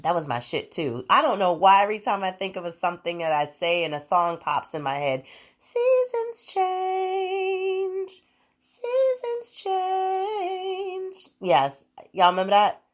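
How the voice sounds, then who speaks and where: A woman's voice: on the low side, fairly quick. A young adult woman hosting her own podcast, chatting casually in a rambling, profane way with frequent laughs. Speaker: podcast host. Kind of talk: casual solo podcast chat.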